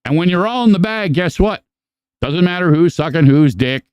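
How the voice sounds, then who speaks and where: A man hosts a podcast in loose, casual chat, swearing freely as he rambles through animated stories. His voice is mellow and smooth. The sound is dry and close to the mic. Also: a little high, normal speed, no room sound. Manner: profane, rambling, animated storyteller. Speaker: podcast host.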